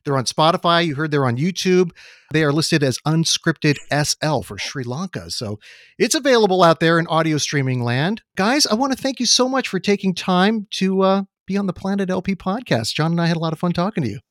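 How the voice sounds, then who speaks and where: A man's voice: fairly high pitch, lively intonation, fairly quick, fairly bright tone, no room sound, clean studio sound. A man hosting an interview podcast, asking questions in a chatty, conversational way. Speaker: podcast host.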